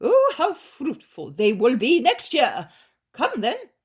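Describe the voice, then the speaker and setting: A woman voicing a greedy, boastful rich male landowner with a squeaky, shrill voice. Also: huge pitch swings, slow pace, slightly rough, heavily acted. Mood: coaxing. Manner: shrill, pleading and blustering.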